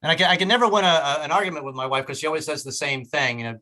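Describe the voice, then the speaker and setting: A male stand-up comic with a bright, ringing voice, working a club stage. He stammers and restarts his sentences, then lands each punchline with a jump in volume. His pitch sits a little above the usual. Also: racing, hardly any pauses. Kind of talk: stand-up set.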